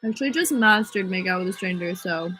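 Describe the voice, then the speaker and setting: A woman's voice: mid-range voice, fast, sharp tone, faint music behind, low-quality recording. A woman singer chatting casually on a livestream and answering fans' questions.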